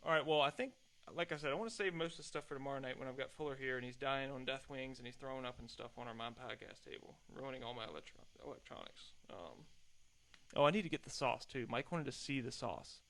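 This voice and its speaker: A man's voice: mid-range voice, fast, a bit bright. A young adult man hosting a solo podcast, chatting in a rambling, self-deprecating way at a desk mic. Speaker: podcast host.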